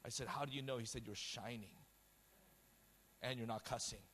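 A man preaching a sermon, telling a personal testimony with quoted dialogue in a passionate, loud style. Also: medium pitch, moderate pace, a little hiss or hum. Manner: storytelling with quoted dialogue, repeated words.

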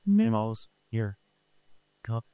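A male preacher telling a story in a sermon, animated and acting out the scenes with shouts. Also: lowish voice, very slow, gravelly, no room sound, rough recording.

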